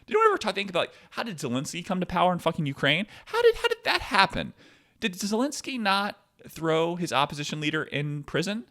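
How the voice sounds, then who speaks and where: A man hosting a podcast, ranting with sarcastic, profane commentary that swings from low mutters to loud outbursts. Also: lively intonation, fast talker, hardly any pauses. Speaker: podcast host.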